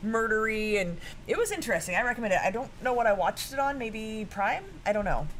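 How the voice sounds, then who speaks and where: A woman's voice: a little high, animated, brisk, a bit bright, slight background noise. A woman co-hosting a casual livestream from home, reading out viewer messages and making teasing, dry asides. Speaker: co-host reading viewer chat.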